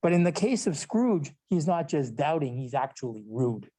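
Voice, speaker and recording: A man's voice: on the high side, very animated, moderate pace, dark tone. A man, a professor, giving a lecture, reading prepared text with small asides and self-corrections. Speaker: literature and law professor. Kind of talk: recorded lecture.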